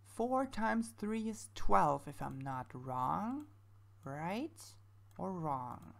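Female let's-play creator, low gravelly voice, casual chatty commentary. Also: big pitch swings, extremely slow. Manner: thinks aloud, chatty and self-mocking.

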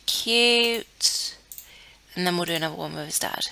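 A woman's voice: fairly low pitch, measured pace, vocal fry, pushed and bright, clear, resonant tone. A young woman giving casual commentary on a life-sim game, chatty and easily flustered, talking to the characters on screen. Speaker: let's play gamer.

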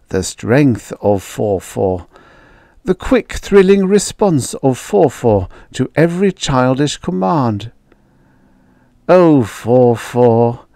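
Slow, dramatic male audiobook narrator. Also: medium pitch, a little mellow, no room sound, clean studio sound. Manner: slow, dramatic, musing first-person delivery. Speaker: audiobook reader.

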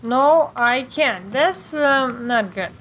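Slow-talking higher-voiced woman gaming. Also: expressive, fairly bright tone, slight background noise. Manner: talks to herself, jumpy and swearing. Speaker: gameplay streamer. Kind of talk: let's play commentary.

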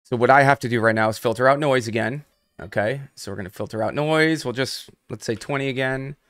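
A man's voice: medium pitch, fairly quick, a bit bright, no room sound, clean studio sound. A young adult man hosting a live trading stream. He talks casually and speaks straight to his viewers in the chat. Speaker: host.

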